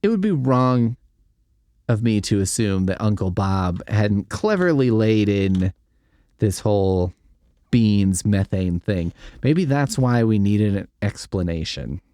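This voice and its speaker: Man, podcast host, sarcastic, incredulous, casual swearing, lively swooping pitch, dry close sound. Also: slow pace, no room sound. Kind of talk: comedic solo commentary, reading a story aloud and mocking it.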